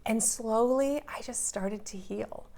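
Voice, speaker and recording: A woman's voice: a little high, slow pace, creaky, darkish tone. A woman in her forties, earnestly telling a personal story in an interview and building intensity as she goes.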